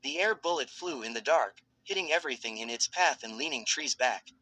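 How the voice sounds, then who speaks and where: A man narrating a fan fiction story in a steady, dramatic storytelling manner. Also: medium pitch, fairly quick, poor audio.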